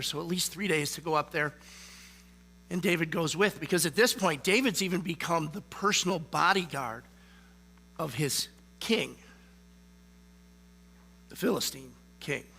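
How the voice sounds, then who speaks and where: A man's voice: fairly high pitch, pushed and bright. A man preaching a sermon in a casual, conversational way, often checking in with the listeners by asking "okay?". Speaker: lay preacher.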